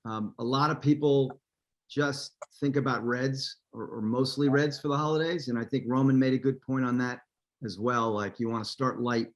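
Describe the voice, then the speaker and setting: A man's voice: mid-range voice, steady tone, moderate pace, lo-fi sound. A man hosting a virtual wine tasting over a video call, upbeat and chatty with plenty of fillers. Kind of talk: casual hosting.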